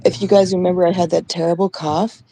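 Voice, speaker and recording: A woman's voice: fairly low pitch, steady tone, fast talker, mellow, a little hiss or hum, low-quality recording. A young adult woman from Canada, co-hosting a podcast, telling a story in casual chat, acting out the voices she quotes and swearing freely. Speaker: podcast co-host.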